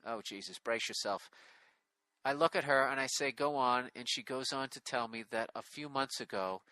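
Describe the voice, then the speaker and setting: A man's voice: medium pitch, normal speed, bright, forceful tone, no room sound. A middle-aged man hosting a casual comedy podcast, reading a listener email aloud with sarcastic, profane commentary.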